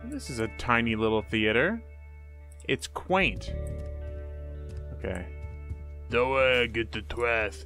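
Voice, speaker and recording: A man's voice: mid-range voice, lively intonation, takes it slowly, long pauses, pushed and bright, faint music behind. A man commenting on a horror game as he plays, goofy, talking to himself and exclaiming often. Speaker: gamer. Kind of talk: let's play commentary.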